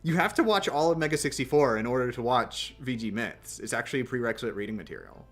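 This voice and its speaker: A man's voice: mid-range voice, animated, fast talker, a bit bright, faint music behind. A man chatting casually on a live stream, rambling and self-mocking with lots of restarts.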